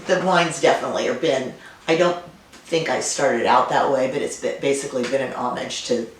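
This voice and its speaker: Low-voiced woman telling stories. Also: a little fast. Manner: warm storytelling, reminiscent. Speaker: winemaker guest. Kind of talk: conversational interview. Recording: roomy, distant, faint noise.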